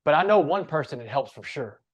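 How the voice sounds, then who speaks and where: A man's voice: a little high, lively intonation, a little fast. Earnest man motivational speaker. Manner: earnest, preachy, emphatic. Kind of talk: casual interview chat.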